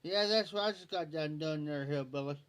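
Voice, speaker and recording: A man's voice: a little high, brisk, a bit bright, clean tone. Folksy rural Ohio man spinning a yarn. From Ohio, USA. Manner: folksy, laughing as he tells a yarn. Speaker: livestreamer. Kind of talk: late-night storytelling chat.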